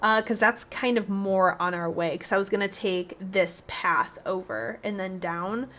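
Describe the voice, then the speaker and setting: A woman hosts a gaming video, chatting casually and speaking directly to her viewers as she plays. Her medium-pitched voice is a bit bright and a little slow, with slight background noise behind it.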